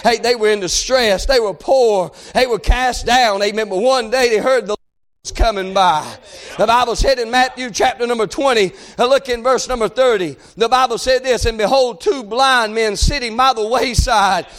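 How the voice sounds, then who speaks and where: A man preaching a fervent revival sermon to a congregation, often shouting and punctuating his points with amen and hey. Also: very high-pitched, normal speed. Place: church service before a congregation.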